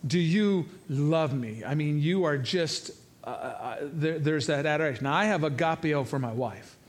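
A man in his fifties delivering a sermon in a loose, conversational way. He tells stories with lively energy and often restarts his sentences. His voice sits slightly high for a man. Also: normal speed. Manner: conversational, animated storytelling with many restarts. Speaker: pastor.

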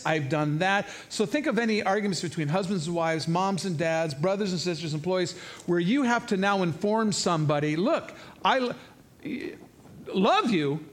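A man in his fifties delivering a sermon in a loose, conversational way. He tells stories with lively energy and often restarts his sentences. His voice sits slightly high for a man. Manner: conversational, animated storytelling with many restarts. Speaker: pastor.

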